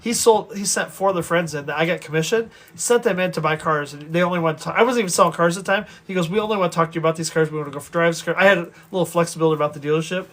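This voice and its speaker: Fast-talking, high-voiced man telling stories. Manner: animated, rambling, with many restarts. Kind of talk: casual storytelling to viewers.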